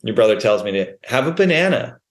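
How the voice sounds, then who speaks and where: A man's voice: mid-range voice, brisk. A man, a guest on a podcast, telling a personal story in a candid, rambling way, with frequent restarts and swearing. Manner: rambling with frequent restarts and swearing, animated when quoting himself. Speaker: podcast guest, band musician. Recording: roomy echo.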